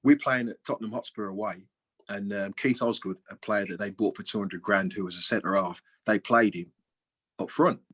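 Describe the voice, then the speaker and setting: Husky-voiced man in his sixties telling stories. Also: on the low side, fairly even intonation, normal speed, fairly bright tone, poor audio. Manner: chatty anecdotes, acts out quoted dialogue, swears freely. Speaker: guest, former footballer. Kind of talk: casual storytelling interview.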